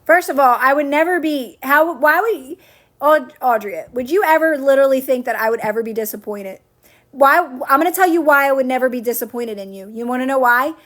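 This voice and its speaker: A woman's voice: high-pitched, expressive, fairly quick, fairly bright tone. A woman coaching viewers on a livestream, chatting casually, answering comments and repeating her phrases to reassure. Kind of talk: casual live-stream chat answering comments.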